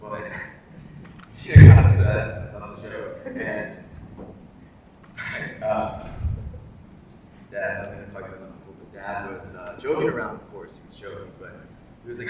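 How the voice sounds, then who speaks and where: A man's voice: on the low side, moderate pace, pauses often. A young man tells a chatty, laughing anecdote during a wedding speech. He sounds far from the mic, in a big echoing hall with background noise. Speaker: wedding guest telling an anecdote. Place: large wedding reception hall. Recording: echoey hall from far off, noisy.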